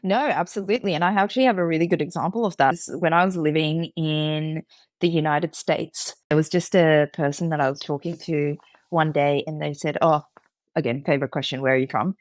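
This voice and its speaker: A non-binary podcast guest from India with an Australian accent, telling stories in an animated, cheeky conversational way. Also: medium pitch, a little fast, no room sound. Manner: animated, cheeky storytelling with laughs. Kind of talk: casual conversation.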